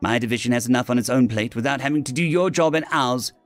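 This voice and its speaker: A man's voice: mid-range voice, fast talker, no echo, faint music behind, natural voice. A man voicing a brash, foul-mouthed small woman general who talks bluntly and scolds. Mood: brusque.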